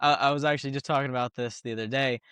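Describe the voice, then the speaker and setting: A young man from Texas answers interview questions in a relaxed, chatty way, laughing often as he explains technique. His voice sits at a middle pitch. The recording is dry and close, with no room sound. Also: very fast, smooth, no echo. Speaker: guest fighter and coach. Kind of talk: casual interview.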